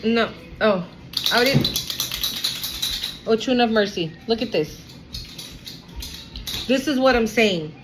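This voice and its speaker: A woman's voice: on the high side, expressive, slow, long pauses, noisy background. A woman giving a casual tarot reading to an online audience, blunt, profane and emphatic. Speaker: tarot card reader.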